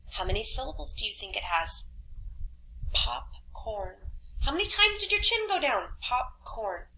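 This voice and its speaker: A woman teacher records a lesson for third graders from home. Her voice is bright and a little high, upbeat and slow enough for kids to follow. A faint hiss sits under the recording. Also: low-quality recording. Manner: upbeat, speaks slowly and clearly to children. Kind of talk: online class lesson video.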